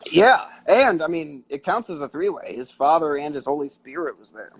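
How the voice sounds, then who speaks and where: A man's voice: fairly high pitch, expressive, normal speed, husky. A young man co-hosting a casual livestream chat, crude and joking, laughing often. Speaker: co-host.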